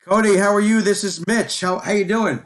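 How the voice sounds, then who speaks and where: A man's voice: sits high, steady tone, fairly bright tone. Chatty man hosting a sports show. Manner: filler-heavy, repeats words, quick to laugh. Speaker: podcast host. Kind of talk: casual live sports chat.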